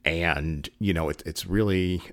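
A man speaks in a strikingly deep, low register, talking through a casual commentary. He rambles earnestly, restarting sentences and stacking fillers, and gets emotional at times. The sound is dry and close, with no room around it. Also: unhurried, fairly bright tone, dry recording. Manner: emotional, getting choked up.

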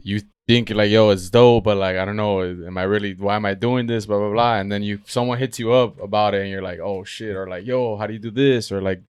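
A man hosting a podcast, talking in a relaxed, slangy, rambling way. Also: on the low side, fairly quick, few pauses, clear, resonant tone, dry recording, clean studio sound. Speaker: podcast host. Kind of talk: casual podcast chat.

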